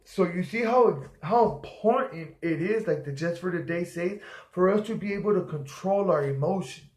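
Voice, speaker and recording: Male storyteller, profane and rambling, slightly high-pitched, recorded in a reverberant room. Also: normal speed, darkish tone. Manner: profane, rambling, acts out quoted voices. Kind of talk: casual storytelling. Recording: echoey room.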